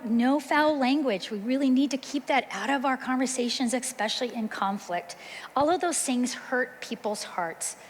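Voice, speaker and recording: A woman's voice: a little high, a little hiss or hum. A middle-aged woman giving an earnest, conversational teaching talk to mothers at a church. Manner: earnest, conversational, acts out quoted voices. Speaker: women's ministry speaker. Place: church hall. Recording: long reverb from a large hall.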